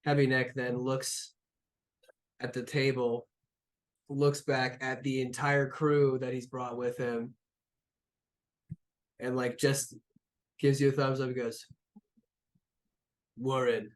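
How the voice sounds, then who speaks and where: A man's voice: mid-range voice, little pitch movement, slow, long pauses. A man narrating as game master of a tabletop game, talking casually with lots of fillers and the odd swear word.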